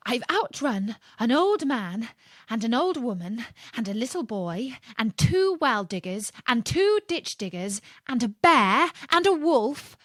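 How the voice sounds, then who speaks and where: A woman doing a boastful high gingerbread man. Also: sing-song, measured pace, no echo, studio quality, exaggerated voice. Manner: bragging, singsong, loud.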